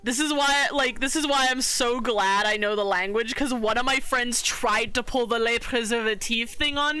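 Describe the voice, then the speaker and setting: A woman's voice: a little high, pushed and bright, smooth, no echo. A woman streamer telling a story to her chat in a casual, rambling way, full of fillers and the odd swear. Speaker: art streamer.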